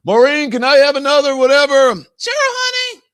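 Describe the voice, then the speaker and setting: Male host putting on a squeaky, bickering Southern couch potato glued to the TV, voice jumped way up high. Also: big pitch swings, moderate pace, a bit bright, exaggerated voice. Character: shrill squabbling Southern couch-bound TV viewer.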